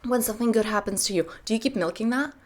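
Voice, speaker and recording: A woman's voice: a little high, fast talker, a little mellow. A woman in her thirties, a self-help coach giving a motivational talk to camera, emphatic and full of rhetorical questions.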